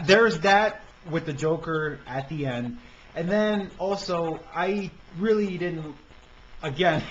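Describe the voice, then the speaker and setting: A man's voice: fairly high pitch, a bit bright. A man hosting a casual film review podcast, talking hesitantly with many fillers and restarts. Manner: hesitant, stammering, lots of fillers. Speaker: podcast host. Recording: dull lo-fi amateur podcast recording with faint noise.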